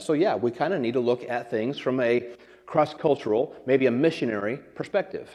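Conversational pastor, echoing church. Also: male voice, on the high side, darkish tone. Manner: conversational, self-deprecating humor, frequent restarts. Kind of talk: sermon. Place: church sanctuary. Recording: long church reverb.

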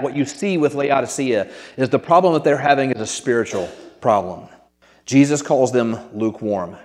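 A man's voice: medium pitch, darkish tone, in a large hall. A man preaching a sermon to his congregation in an earnest, conversational way, often restarting his sentences. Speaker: pastor.

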